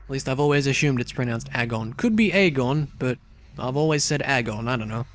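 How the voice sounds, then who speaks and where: A young man hosts a let's play, casually commenting on a video game as he plays. His medium-pitched voice is animated and quick, and he chats and rambles with lots of fillers and asides.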